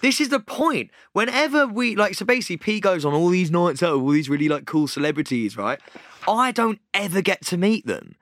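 A man co-hosting a podcast in casual chat, excitable and sweary, often laughing as he banters. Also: sits high, a little fast, dry recording, clean studio sound. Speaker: podcast co-host.

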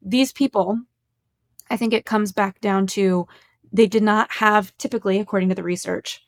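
A woman's voice: mid-range voice, steady tone, normal speed. A woman talking earnestly on a podcast, explaining ideas in casual chat. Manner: earnest, explanatory, speaks about psychology.

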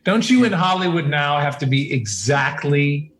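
A man's voice: fairly high pitch, animated, normal speed, a bit bright. A man who works as an announcer, chatting casually on a podcast and telling stories about himself in a self-mocking way.

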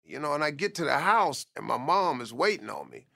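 A man's voice: fairly high pitch, very animated, a little fast, creaky, sharp tone. A man telling a life story in an emphatic motivational style, often stressing points with "man".

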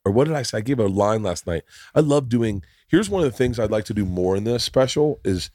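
A man's voice: on the low side, animated, fairly quick, hardly any pauses, a little mellow, no echo, studio quality. A man hosting a casual comedy podcast, telling profane stories with lots of acted quotes. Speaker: podcast host.

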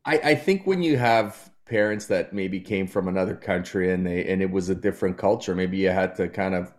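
Deep-ish guy comic, rambly, pokes fun at himself. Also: brisk, darkish tone. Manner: rambling, self-deprecating storyteller. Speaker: guest comedian. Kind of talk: casual chat.

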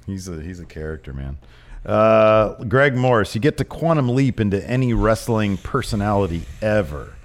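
Casting note: low-pitched male podcast co-host, playful, riffing. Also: animated, moderate pace. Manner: jokey, riffing, slips into impressions. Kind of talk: casual chat.

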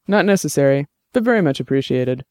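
A man's voice: on the high side, animated, fast, a little mellow, no room sound, clean studio sound, close to an everyday voice. A man voicing a friendly, easygoing young cop in an audiobook. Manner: easygoing, laughing.

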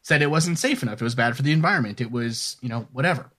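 A man's voice: mid-range voice, fast talker, bright, forceful tone. A man hosting a podcast, chatting casually and rambling, then reading an upbeat sign-off. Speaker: podcast host. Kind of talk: casual chat.

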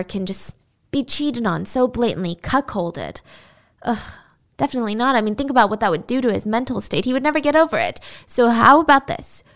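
Woman doing slick con guy, low and soft, talks you down. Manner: calm, soothing, reasonable. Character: smooth-talking young con man, calm and persuasive.

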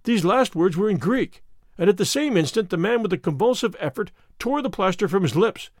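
A man narrates a classic detective tale with measured drama. His voice sits high and moves a lot, recorded dry and close to the mic. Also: expressive, no room sound. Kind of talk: classic story reading.

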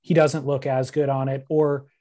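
A man hosting an interview, asking long, relaxed, rambling questions. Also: medium pitch, normal speed.

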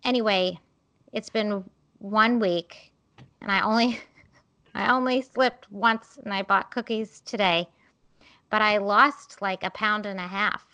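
A woman's voice: mid-range voice, steady tone, slow pace, pushed and bright. Woman in her thirties, podcast co-host, casual chat, rambling, self-deprecating. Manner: rambling, self-deprecating storytelling with frequent fillers.

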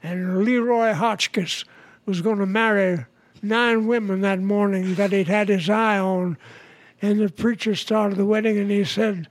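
A man's voice: high voice, steady tone, no room sound. A man, a veteran performer telling stories in an interview with frequent restarts and chuckles. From New York City. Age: 90s. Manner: halting, chuckling storyteller with many restarts. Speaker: guest, veteran actor-comedian. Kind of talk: casual anecdotes in an interview. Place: his home.

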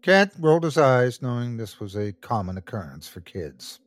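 A man's voice: medium pitch, very animated, normal speed, no echo. A man narrating a scripted horror story as the show's host, telling it expressively.

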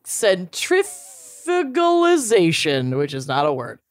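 A woman's voice: mid-range voice, expressive, a little slow, fairly bright tone. A woman co-hosting a podcast, telling a story in casual chat with frequent laughs. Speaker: podcast co-host presenting the story.

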